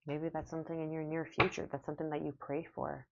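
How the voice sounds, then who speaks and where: A woman giving a spiritual tarot reading in a soft, slow, emotional and affirming way. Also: deep voice, level tone, creaky, noisy background. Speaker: tarot reader. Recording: dull, lo-fi sound.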